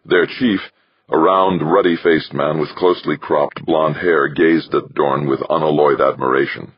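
A man reading a science-fiction novel aloud in steady, measured scripted narration. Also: a bass voice, dull audio. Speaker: audiobook narrator.

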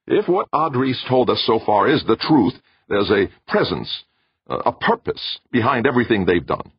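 A man voicing a lanky, alarmist male diplomat who talks in a shrill, insistent, accusing way. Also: sing-song, normal speed, husky, no room sound, full character voice. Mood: alarmed, insistent. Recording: dull lo-fi, dry.

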